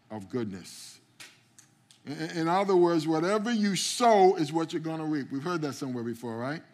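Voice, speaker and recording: A man preaching a sermon as pastor, calling out to the congregation and often repeating words as he starts a phrase. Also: fairly high pitch. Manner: preaching with call-outs to the congregation. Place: church sanctuary.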